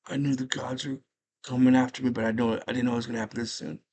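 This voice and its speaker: A man voicing a dying woman warrior in a quiet, fading, half-whispered voice. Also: medium pitch, little pitch movement, very fast, slightly rough. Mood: tender.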